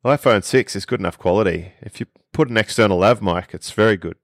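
A man's voice: fairly low pitch, brisk, no room sound, clean studio sound. A man with an Australian accent, a podcast guest explaining things with enthusiasm in casual conversation.

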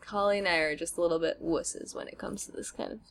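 A woman's voice: fairly low pitch, fairly even intonation, fast talker, a little hiss or hum. Chatty young woman co-hosting a podcast. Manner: chatty, laughs often, trails off. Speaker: podcast co-host. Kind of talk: casual chat.

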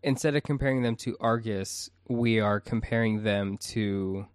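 A man's voice: fairly low pitch, normal speed, smooth, dry recording, studio quality. A man co-hosting a podcast in casual chat, hesitant and searching for words. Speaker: podcast co-host.

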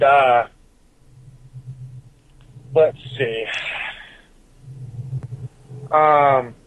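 A man's voice: fairly high pitch, poor audio. A man giving a profane, rambling rant as a listener's recorded message to a podcast, swearing constantly and drifting from point to point.

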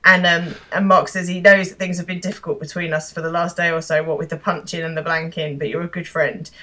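A woman's voice: lowish voice, level tone, fairly quick, sharp tone. A woman co-hosting a podcast, casually recapping a TV episode, swearing and laughing often. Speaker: podcast co-host.

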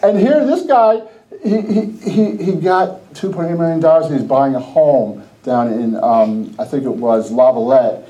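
A man's voice: a little high, moderate pace, warm tone, highs cut off. A middle-aged man from New Jersey hosting a Christian podcast, telling personal stories casually, laughing often and acting out quoted dialogue. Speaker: podcast host.

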